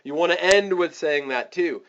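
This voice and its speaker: A man teaching a webinar, giving energetic step-by-step sales coaching and acting out the scripts for his listeners. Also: on the high side, moderate pace, lo-fi sound. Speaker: online marketing coach.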